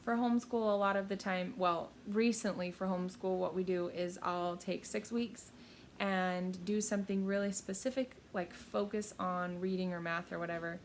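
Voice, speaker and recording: A woman's voice: fairly low pitch, steady tone, moderate pace, slight background noise. A woman in her thirties chatting casually and upbeat about books, with many fillers and restarts. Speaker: book vlogger. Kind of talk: casual book haul chat.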